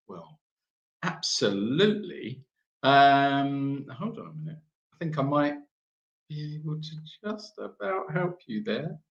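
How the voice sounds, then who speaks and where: A man's voice: a little high, roomy sound. A man hosting a live stream Q&A, reading out viewer comments in a chatty, teasing way with lots of ums. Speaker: animal sanctuary host.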